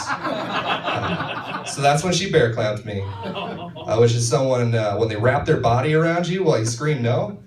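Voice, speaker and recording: A man from northern Minnesota doing a stand-up comedy set on a club stage, telling stories deadpan and acting out the quoted voices. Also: medium pitch, a little slow. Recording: echoey club, far-off mic, audience noise.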